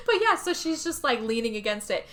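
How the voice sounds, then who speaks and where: A woman co-hosting a podcast, telling a movie plot in a lively, casual way, acting out the characters' lines and laughing often. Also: sits high, moderate pace. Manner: animated storyteller, acts out quotes, laughs often. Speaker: podcast co-host. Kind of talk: casual movie recap chat.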